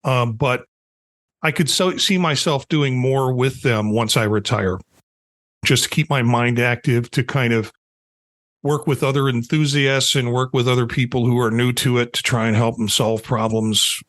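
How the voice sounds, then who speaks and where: Hesitant, measured middle-aged man. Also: mid-range voice, fairly bright tone. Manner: hesitant, measured, many restarts. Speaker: podcast co-host. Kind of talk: casual chat.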